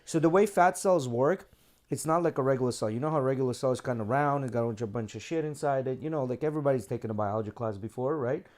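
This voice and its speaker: A man's voice: medium pitch, fast talker, darkish tone. A man co-hosting a podcast, talking loosely and casually, swearing freely and explaining things step by step. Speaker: podcast co-host.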